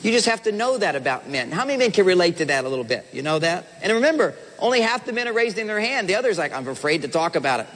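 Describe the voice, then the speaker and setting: Animated high-voiced man lecturing in a hall. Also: fast talker, few pauses. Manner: animated, playful, acts out spouses' voices. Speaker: relationship speaker. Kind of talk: seminar talk to a live audience. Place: large hall with audience. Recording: reverberant hall sound.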